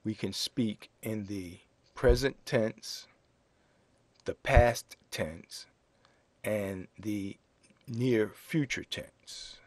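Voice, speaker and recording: A man teaching a French lesson in English, explaining grammar slowly and spelling out words letter by letter. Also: fairly low pitch, a little mellow, no echo. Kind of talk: slow classroom explanation.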